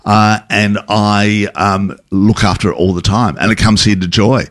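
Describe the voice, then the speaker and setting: A man's voice: lowish voice, flat delivery, measured pace, fairly bright tone. A man chatting as a guest on a radio show, hesitant and stammering, with lots of ums and restarts. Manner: hesitant, stammering, frequent fillers. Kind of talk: casual radio banter. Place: radio studio.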